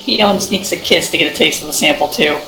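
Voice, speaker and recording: A woman playing a tabletop game, chatting casually with excitable, playful reactions. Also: sits low, fast, loud music behind the voice. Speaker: player. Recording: echoey room.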